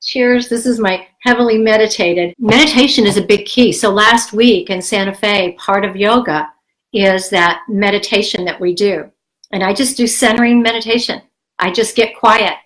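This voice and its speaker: An older woman speaks with a cold, candid and rambling. She encourages her listeners in a casual, heartfelt tone at a middling pitch. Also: moderate pace, a bit bright, rough recording. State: has a cold, coughing. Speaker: health vlogger. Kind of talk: casual talk to camera.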